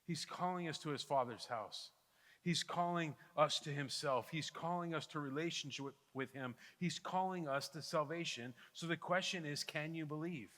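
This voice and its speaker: A middle-aged man preaching a sermon as pastor, swinging between loud fervent appeals and hushed intimate pleas. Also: fairly high pitch, moderate pace. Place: church sanctuary. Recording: long hall reverb with soft guitar underneath.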